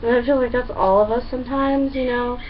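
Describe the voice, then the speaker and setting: A young woman talking to camera in a casual, excitable, chatty way, full of fillers and acted-out quotes. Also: on the high side, fairly quick, recorded from a distance. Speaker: vlogger. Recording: dull lo-fi sound, a bit off-mic, faint hum.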